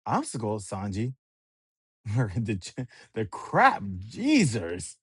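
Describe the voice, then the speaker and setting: A man giving an excitable, casual chapter recap as a manga reviewer, reading scenes aloud. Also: fairly low pitch, takes it slowly, breathy edge, dry recording, clean studio sound. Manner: excitable, reads scenes aloud, laughs often.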